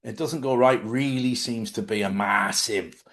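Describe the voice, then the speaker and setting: A man talks loosely and personally about spiritual living, mixing in stories from his own life. He often asks his listeners questions as he goes. His voice sits at an ordinary middle pitch. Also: a little slow, a bit bright. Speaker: host. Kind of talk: casual spiritual talk.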